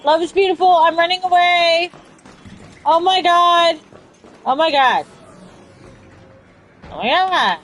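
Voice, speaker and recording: High-voiced woman gaming streamer. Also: slow pace, long pauses, fairly bright tone, poor audio. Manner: dramatic, playful, swears freely. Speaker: game streamer. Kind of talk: casual gameplay chat.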